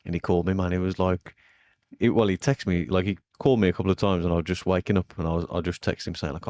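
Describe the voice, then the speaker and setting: A man's voice: sits low, fast, no echo. A young man, co-hosting a podcast and telling stories in casual, sweary chat. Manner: swears a lot, animated storytelling. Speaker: podcast co-host.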